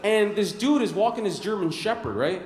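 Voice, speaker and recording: A lively young stand-up comedian from Chicago, working a club stage into a handheld mic. His voice sits a little high and swings up and down a lot as he drives each bit, and he often laughs at his own lines. The club around him sounds roomy. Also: moderate pace. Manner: animated, laughs at his own lines, says "bro" and "dude". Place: comedy club stage before a live audience.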